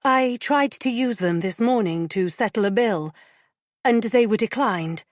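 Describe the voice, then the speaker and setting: A woman's voice: a little high, expressive, measured pace, no echo, clean studio sound, voice pushed up. A woman voicing an anxious, determined woman in crisis who speaks in a tense, strained way.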